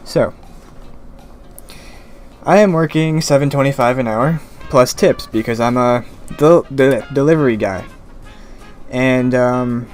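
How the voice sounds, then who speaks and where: A young man rambling in a mumbling monotone about his summer job. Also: mid-range voice. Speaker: gaming vlogger. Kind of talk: rambling casual commentary over gameplay. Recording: faint music behind. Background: faint background music.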